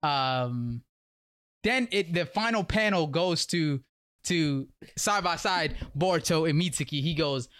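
A man hosting a podcast, recapping a story in lively slang and acting out quotes in a casual chat. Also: fairly high pitch, measured pace. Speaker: podcast host.

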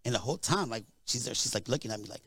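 A man's voice: medium pitch, animated, racing, fairly bright tone, dry recording. A young man co-hosting a podcast, telling a long, rambling story with lots of asides. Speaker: podcast co-host. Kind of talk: casual storytelling.

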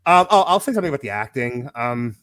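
A man's voice: mid-range voice, big pitch swings, fast, fairly bright tone. A man co-hosting a casual film review podcast, talking frankly with frequent swearing and restarts.

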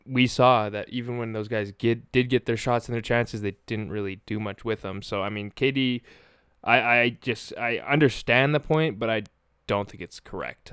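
A man with a low, smooth, resonant voice co-hosting a casual sports podcast. He talks in a measured way and trails off at the ends of his thoughts. The sound is close and dry. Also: fairly bright tone, no room sound. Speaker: podcast co-host.

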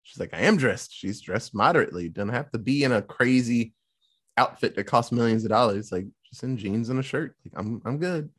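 Guy chatting about a movie, really lively pitch, swears a lot. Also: fairly quick, husky. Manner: animated storytelling, swearing, mock quoting characters. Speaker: podcast co-host recapping a film. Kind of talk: casual chat.

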